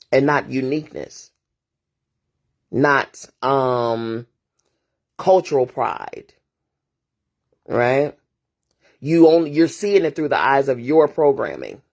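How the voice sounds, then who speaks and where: A woman's voice: low voice, darkish tone. A woman talking as a therapist and host in a casual morning monologue, emphatic and preachy, hammering points home through repeated phrases and rhetorical asides.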